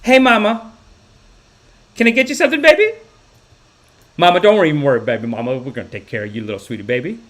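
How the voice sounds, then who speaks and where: A man voicing a hospital nurse woman who sweet-talks patients with drawn-out endearments. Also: extremely high pitch, animated, a bit bright, voice pushed up. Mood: cooing.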